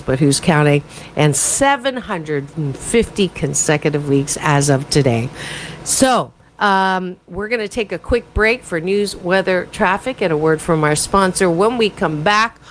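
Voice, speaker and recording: A woman hosting a morning talk radio show as a happiness coach, talking in an animated, self-promoting, conversational way with frequent fillers. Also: lowish voice, slight background noise, rough recording. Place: radio studio.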